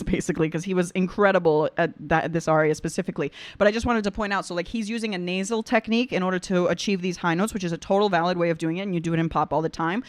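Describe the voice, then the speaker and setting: A young woman who is an opera singer and vocal coach, chatting excitedly as she reacts and explains singing technique. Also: on the low side, dry recording. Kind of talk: casual reaction commentary.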